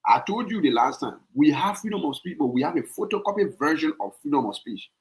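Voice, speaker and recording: A man with a Liberian English accent hosting a podcast and arguing his point, repeating himself and jumping up high when worked up. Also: sing-song, fast talker, rough recording. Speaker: podcast host. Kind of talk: heated podcast debate.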